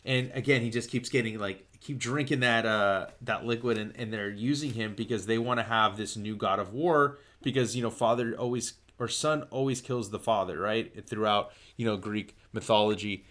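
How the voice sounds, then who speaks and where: A man hosting a comic book podcast, retelling a story in a loose, excited way, full of fillers and restarts. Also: fairly low pitch, moderate pace, hardly any pauses. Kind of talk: casual comic book recap.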